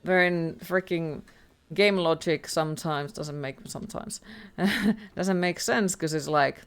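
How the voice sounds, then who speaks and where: A woman's voice: lowish voice, slow, smooth. Profane ranting woman streamer. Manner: ranting, heavily profane, exasperated. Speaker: livestreamer playing a horror game. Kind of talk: live gameplay commentary.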